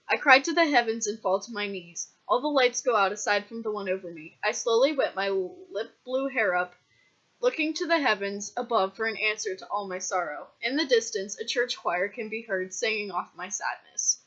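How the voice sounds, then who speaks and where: A woman's voice: mid-range voice, normal speed, fairly bright tone. Woman narrator, mock-dramatic comic reading, lo-fi audio. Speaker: fanfiction reader. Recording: dull lo-fi recording.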